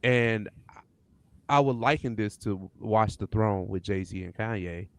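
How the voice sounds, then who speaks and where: A man's voice: on the low side, a little slow. A man hosting a podcast in casual chat, laid-back and laughing often. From St. Louis area. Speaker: podcast host.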